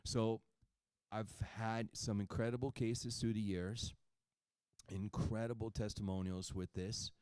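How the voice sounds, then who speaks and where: A man with a deep, smooth voice makes a folksy sales pitch for a supplement sold at his clinic. He talks emphatically, tags his points with "okay?" and "right?", and the sound is close and dry. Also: darkish tone, dry recording. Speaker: clinic owner presenting supplements.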